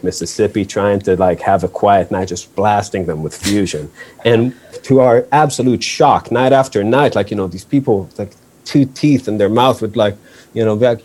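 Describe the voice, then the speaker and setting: A man from Israel, a guest musician telling a casual, animated story full of swearing and acted-out quotes. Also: lowish voice.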